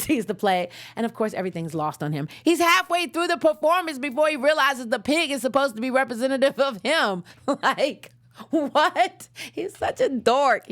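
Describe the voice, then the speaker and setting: A young adult woman hosting a casual episode recap, slangy and digressive, laughing at her own jokes. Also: a little high. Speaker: show host.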